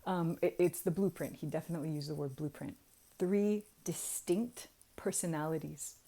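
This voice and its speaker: Lively laughing woman in her forties. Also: sits low, normal speed. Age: 40s. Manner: animated, laughs often, swings from hushed to loud. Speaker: vlogger. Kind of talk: casual storytelling to camera.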